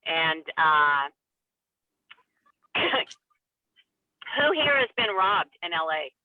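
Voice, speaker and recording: A woman comedian calling in by phone, telling stories in an animated way and laughing often. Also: sits low, drawn-out words, dry recording. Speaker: guest comedian. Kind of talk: casual chat with storytelling. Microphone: phone call. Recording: tinny dry phone line.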